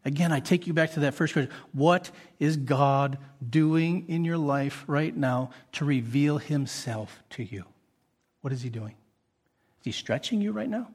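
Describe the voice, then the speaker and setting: A man's voice: on the high side, a little slow, darkish tone, breathy edge. A man preaching a sermon as a pastor, earnest and full of rhetorical questions to the congregation.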